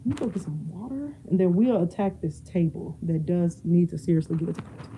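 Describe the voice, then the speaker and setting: A woman's voice: lowish voice, brisk, dark tone, slight background noise, rough recording. A young woman chatting casually while she cleans her home, laughing often and drifting away from the mic as she moves. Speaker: vlogger. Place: home, moving around rooms.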